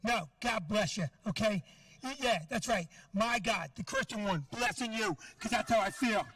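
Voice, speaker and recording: A man's voice: sits high, normal speed, fairly bright tone, distant mic, a little hiss or hum. A middle-aged man doing a stand-up set, ranting in a brash, profane way at the crowd. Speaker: stand-up comedian.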